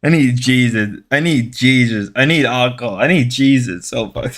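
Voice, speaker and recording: A man's voice: medium pitch, normal speed, fairly bright tone. A man streaming a casual reaction to a video, rambling and exclaiming with frequent laughter. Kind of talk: casual live reaction commentary.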